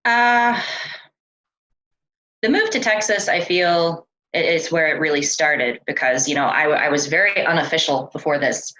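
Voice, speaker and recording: A woman from California, a guest on an interview show, telling stories in a chatty, relaxed way with loose fillers. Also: deep voice, normal speed, poor audio. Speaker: interview guest, experiencer researcher. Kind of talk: casual conversational storytelling.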